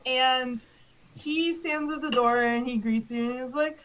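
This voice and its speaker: A woman's voice: high-pitched, unhurried, a bit bright, rough recording. A young woman narrating as game master of a tabletop game, laughing often and using many fillers.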